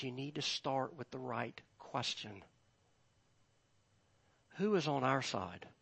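A man preaching a sermon, slow and emphatic, rising loud when he reads scripture. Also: on the high side, vocal fry, slightly rough. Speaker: pastor.

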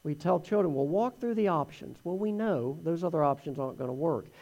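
A man giving a conversational sermon, telling the Gospel story in an animated way. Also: on the high side, brisk, lo-fi sound. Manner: animated storytelling, acts out voices in quotes. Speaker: preacher teaching from the Gospels.

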